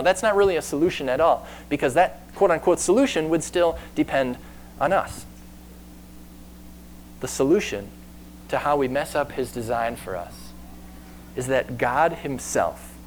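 A man's voice: medium pitch, poor audio. Earnest male preacher with faint hum. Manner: earnest, varies pace and loudness for emphasis. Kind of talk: sermon.

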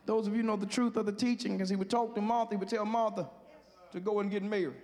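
A man a sermon in a church, building from quiet storytelling into a chanted whoop punctuated by huffed breaths. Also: high-pitched, fairly even intonation, fast. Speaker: preacher. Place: church sanctuary. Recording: music behind, long hall reverb.

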